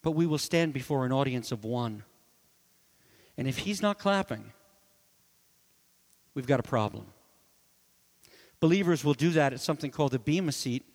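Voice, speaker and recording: A man pastor preaching a sermon in a church with emphatic delivery, swinging from loud highs to quiet lows. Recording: long reverb.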